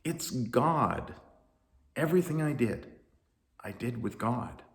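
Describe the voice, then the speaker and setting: A man's voice: mid-range voice, big pitch swings, slow, creaky, full character voice. Man playing an exasperated storybook leader, raised and emphatic, in an echoey room. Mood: insistent. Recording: roomy echo.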